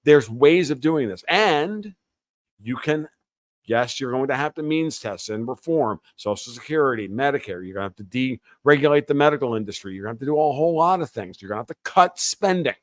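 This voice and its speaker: A man's voice: medium pitch, animated, brisk, no room sound. A man talking as a podcast guest in a heated, opinionated rant, profane and sarcastic. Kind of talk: heated opinionated interview talk.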